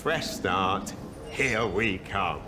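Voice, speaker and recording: An actor playing a polite, jokey ex-comedian from London, with a London English accent. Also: male voice, fairly low pitch, extremely slow, background noise. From England. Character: charming British man, a retired comedian. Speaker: comedian turned house husband.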